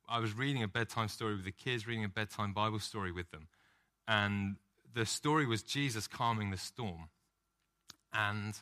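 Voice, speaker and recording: A man's voice: mid-range voice, pushed and bright. A man preaching a sermon, earnest and rising to impassioned emphasis on key lines. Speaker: pastor.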